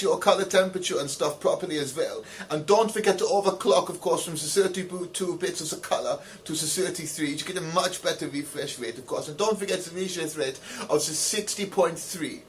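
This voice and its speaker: A man with a slightly high voice reads out letters and answers them in a rambling, mock-earnest way. He fills his talk with "of course" and a pompous show of sincerity. A faint hiss of noise sits under the recording. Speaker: comedy video host reading letters.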